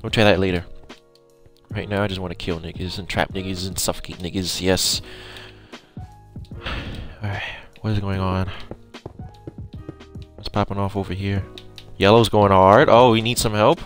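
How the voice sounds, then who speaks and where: A man playing an online game with a friend, excitable, taunting opponents and laughing. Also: sits low, moderate pace, pauses often, faint music behind. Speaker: gamer streamer. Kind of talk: casual gaming chat.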